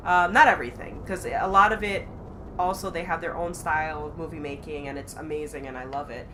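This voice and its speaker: A woman's voice: sits low, fairly even intonation, brisk, background noise. A woman co-hosting a live game stream, chatting casually and rambling with frequent restarts. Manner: rambling, self-interrupting. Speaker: stream co-host. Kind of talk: casual chat.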